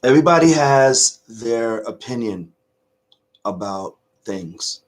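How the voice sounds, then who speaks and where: A middle-aged man hosting a casual reaction video, choked up with emotion, talking earnestly in halting restarts. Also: mid-range voice, animated. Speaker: YouTube reaction host.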